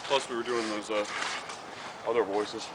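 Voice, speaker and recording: Young man, low voice, rapid rambling chat, noisy camcorder audio. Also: steady tone. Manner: fast, rambling, offhand. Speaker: vlogger's friend. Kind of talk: casual vlog chat. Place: outdoors in woods, then indoors at home. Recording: clear background noise, camcorder audio.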